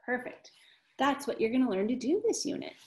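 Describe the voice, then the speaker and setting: A woman's voice: sits high, sing-song, a little fast. A woman teaching a kindergarten math video lesson, cheerful and encouraging, with an exaggerated voice for young children.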